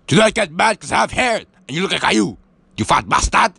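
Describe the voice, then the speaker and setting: A man's voice: high voice, very animated, fairly quick, gravelly, pushed and bright, breathy edge, no echo. A man playing a barking karate master. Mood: stern. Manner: barking, insulting, mock-stern. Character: bossy adult male karate master. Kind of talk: amateur comedy skit voice acting.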